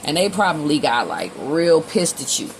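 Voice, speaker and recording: Low-voiced lady doing a tarot reading, blunt and slangy, cusses a lot, bit of hiss behind. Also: very animated, moderate pace, low-quality recording. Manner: blunt, slangy, swears freely, acts out both sides in quotes. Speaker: tarot reader.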